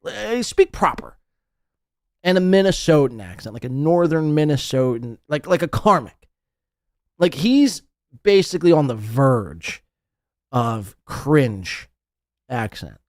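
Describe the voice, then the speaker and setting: Podcast host man, animated, profane ranting, slightly higher voice, dry sound. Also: takes it slowly, pauses often, no room sound. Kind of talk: casual reaction commentary.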